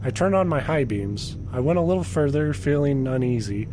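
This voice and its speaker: A man's voice: medium pitch, animated, normal speed, music in the background. A man co-hosting a podcast, reading a creepy story aloud and joking about it with a friend, laughing often. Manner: jokey, laughs often, mock voices when quoting. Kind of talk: casual chat and reading aloud.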